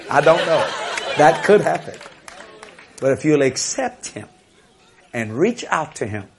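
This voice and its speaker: A man delivers a sermon as a lively story. His voice sits a little high for a man. He laughs often and acts out each person's words. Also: slightly rough. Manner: animated, laughing storyteller acting out quotes. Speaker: preacher.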